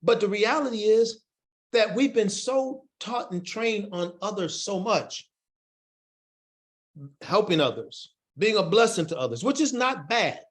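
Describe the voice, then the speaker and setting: A man presenting an online workforce training session, animated, folksy and encouraging. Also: high voice, unhurried. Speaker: workshop facilitator.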